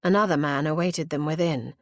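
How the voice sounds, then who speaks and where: A woman narrating a historical romance audiobook in a measured, dramatic way. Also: low voice, no echo, studio quality.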